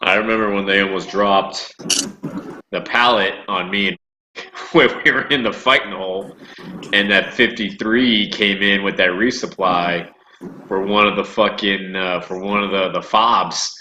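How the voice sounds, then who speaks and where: Low guy with a sharp voice, cussing and laughing thru old war stories, echoey room. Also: steady tone, measured pace. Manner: profane, laughs through his stories. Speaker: former Marine, guest. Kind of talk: casual storytelling chat. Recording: echoey room, faint noise.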